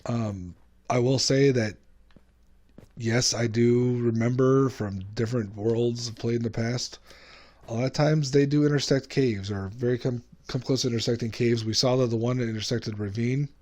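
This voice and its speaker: A man's voice: mid-range voice, normal speed. Chatty man doing gameplay commentary. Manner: chatty and self-mocking, laughs often; lively sing-song show intros. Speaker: gaming channel host.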